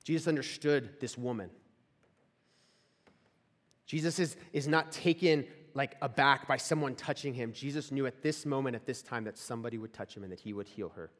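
In a large, echoey hall, a young man with a mid-range voice speaks at a normal pace to a live audience. He's a campus ministry speaker whose sermon is informal and story-driven, conversational, with many instances of "like" and questions posed to the room.

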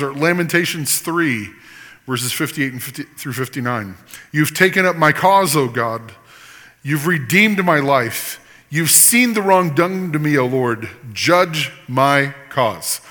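A male pastor preaching with a bright, forceful voice that swings from loud emphatic scripture to quieter explaining. His sermon rings out with a long hall reverb. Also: fairly high pitch. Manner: impassioned preaching, reading scripture aloud with teaching asides.

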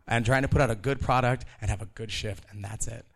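Animated man telling a kitchen story. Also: on the low side, fast talker, gravelly. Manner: animated, laughing, acts out quotes. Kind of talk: live storytelling to an audience.

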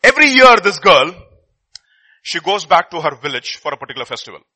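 A middle-aged man telling a story in a sermon, swinging between loud and hushed. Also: sits high, sing-song, a little fast, breathy edge, no room sound, rough recording.

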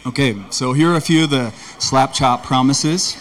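A man's voice: mid-range voice, fairly even intonation, moderate pace, hardly any pauses, a bit bright. A male pastor preaching conversationally at a retreat, joking with the audience. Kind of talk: sermon at a retreat. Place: retreat meeting hall.

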